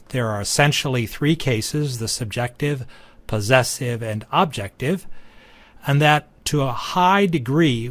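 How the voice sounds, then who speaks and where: A man giving a recorded lecture, teaching in a measured, deliberate way. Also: medium pitch, dry recording.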